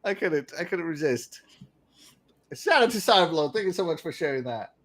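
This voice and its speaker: Giggly high-voiced male podcast host. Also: normal speed. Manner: giggly and excitable, laughs through his lines. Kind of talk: casual podcast chat.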